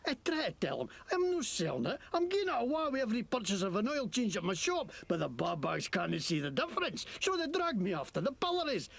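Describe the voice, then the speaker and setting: An actor playing a crooked, foul-mouthed game character who fakes an exaggerated Scottish brogue and rants indignantly. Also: male voice, sits high, big pitch swings, fast talker, hardly any pauses, a bit bright, heavily acted. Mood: ranting. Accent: exaggerated fake Scottish. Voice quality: gravelly, swooping. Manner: ranting, indignant, swears a lot.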